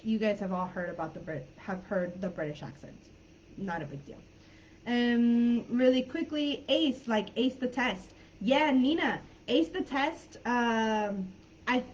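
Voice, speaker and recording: A woman teaches English over a video call, her voice pitched a little high. She talks in a friendly, chatty way, laughing easily and pausing with fillers as she thinks. The audio is dull and lo-fi, with a faint hiss behind it. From California. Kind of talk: live online class.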